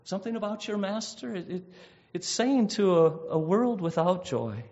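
A man's voice: sits high, expressive, moderate pace, hardly any pauses, a little mellow. A man preaching a sermon, earnest and emphatic, drawing out key words and often restarting his phrases. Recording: dull lo-fi recording.

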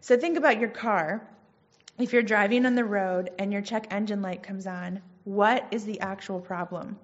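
A woman who counsels gives a conversational sermon. She tells personal stories with lively energy and acts out her own quoted lines. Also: fairly high pitch, muffled recording. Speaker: Christian speaker and counselor.

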